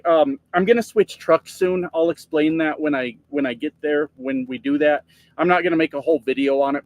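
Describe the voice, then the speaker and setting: A man's voice: a little high, no echo. A man casually live streaming from his truck, greeting viewers by name and joking with plenty of profanity. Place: truck cab.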